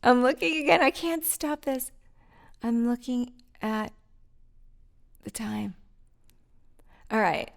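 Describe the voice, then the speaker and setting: A middle-aged woman rambles to her camera from her floor at home, giggling and poking fun at herself. Her voice sits a little high and carries a gravelly fry. She talks casually and loosely. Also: slow pace, pauses often. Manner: giggly, rambling, self-mocking, chatty. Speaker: vlog host. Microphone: mic set up by her partner.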